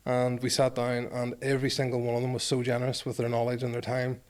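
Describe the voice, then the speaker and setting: A man's voice: mid-range voice, completely flat delivery, quick pace. A Northern Irish man in his forties tells a long anecdote in an interview. He is self-deprecating and acts out the quoted exchanges, with a voice in the middle range for a man. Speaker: former rugby player. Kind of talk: storytelling interview.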